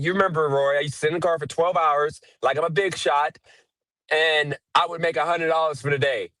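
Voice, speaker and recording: A man speaks as a guest on a live stream, defending himself in an earnest, rambling way. His voice sits a little high. The sound is dry, with no room echo. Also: fairly bright tone. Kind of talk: heated livestream argument.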